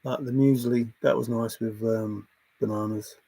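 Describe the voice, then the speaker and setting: A man's voice: medium pitch, fairly even intonation, normal speed, vocal fry, mellow. A man hosting a livestream, chatting casually, laughing often and drifting from topic to topic as he reads the chat. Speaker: livestream host reading chat.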